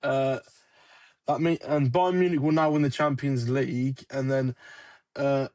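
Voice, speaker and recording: A man co-hosting a football podcast, talking in an excitable, playful way. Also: medium pitch, a little slow, no echo. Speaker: podcast co-host. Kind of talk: casual football chat.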